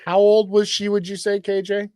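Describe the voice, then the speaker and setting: A man in his fifties hosts a podcast with brash, swaggering, profane banter. His voice sits fairly high for a man, and the recording is dry and close. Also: monotone, normal speed, mellow, smooth, no room sound. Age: 50s. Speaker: podcast host.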